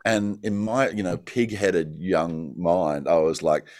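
Australian man, middle-aged, very low voice, dry close recording, rambling interview storyteller, laughs often. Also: fairly even intonation, slow, darkish tone, no room sound. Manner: rambling, frequent "you know", laughs as he tells. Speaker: actor guest.

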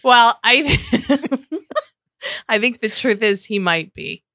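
Bright-voiced joking woman. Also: fairly high pitch, slow pace, no room sound, studio quality. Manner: animated, joking, profane. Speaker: podcast co-host. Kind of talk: casual reality-TV recap chat.

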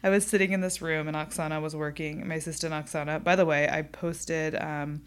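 A young woman hosts her own podcast in a casual solo chat. She is chatty and candid, with a fairly low voice for a woman. Her talk is loose and unscripted, peppered with swearing. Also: flat delivery, fairly quick, smooth. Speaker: podcast host.

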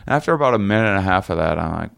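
Deep, gravelly young man rambling a story. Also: animated, a bit bright. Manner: rambling, halting, many fillers and restarts, laughs while telling. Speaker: guest telling a story. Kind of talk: casual storytelling chat.

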